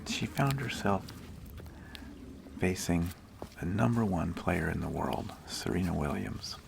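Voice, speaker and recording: ASMR host, man, very low gravelly voice, slow gentle whispery delivery, faint outdoor hush behind. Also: lively intonation, noisy background. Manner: whispery, gentle, unhurried storytelling. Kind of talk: soft-spoken ASMR talk. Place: outdoors on a nature hike.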